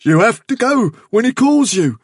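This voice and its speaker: A man's voice: mid-range voice, expressive, unhurried, creaky, sharp tone, slightly rough, no room sound, clean studio sound, distant mic, voice pushed up, exaggerated voice. A man voicing a large, tough male rabbit who speaks in a tense, strained way. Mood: fearful dread. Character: big bold buck rabbit gripped by dread.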